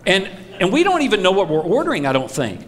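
A man giving a comedic talk to a live audience, telling stories animatedly in a hall. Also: fast. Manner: animated storytelling, jumps high on punchlines. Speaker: speaker.

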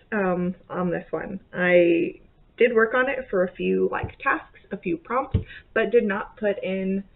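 A woman's voice: medium pitch, phone-quality sound, a little hiss or hum. A woman from southern Indiana with a slight Southern accent, chatting casually and rambling with many fillers in a cross-stitch vlog. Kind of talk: casual chat.

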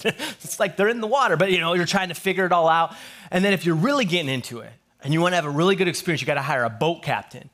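A man pastor giving a sermon to his church, telling jokey stories with quick asides before reading scripture. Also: on the high side, a bit bright. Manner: joking storyteller, quick asides. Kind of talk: humorous sermon.

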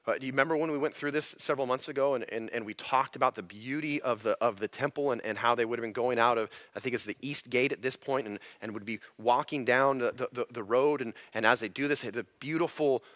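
Male pastor, bright and dry-miked, conversational teaching sermon with frequent restarts. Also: mid-range voice, brisk, no echo. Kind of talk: expository sermon. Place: church sanctuary.

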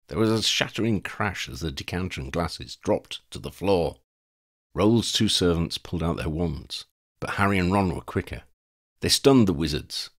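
A man narrating a fan fiction audiobook chapter in an expressive, dramatic storytelling style. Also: deep voice. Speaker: audiobook reader.

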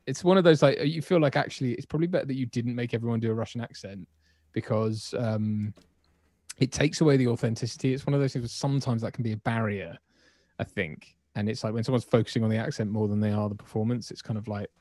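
A man's voice: mid-range voice, a little mellow, no room sound, studio quality. A man co-hosting a live stream, chatting enthusiastically and laughing often. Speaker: stream co-host. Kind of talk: casual chat on a live stream.

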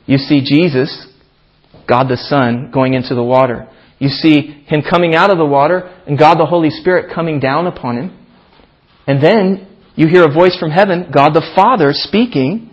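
A man preaching in a church, his voice husky and pitched a little high. He reads scripture with emphatic lifts and leans into key phrases. The archived recording sounds dull and muffled. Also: moderate pace. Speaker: pastor. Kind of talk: sermon.

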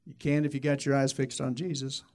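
A man's voice: mid-range voice, little pitch movement, fairly quick, darkish tone. A man preaching a sermon in an emphatic, repetitive way, often restarting phrases and acting out quoted voices.

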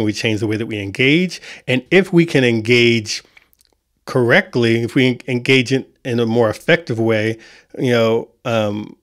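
A man's voice: mid-range voice, no echo, clean studio sound. A man hosting an online music panel, talking casually with many restarts. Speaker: community host.

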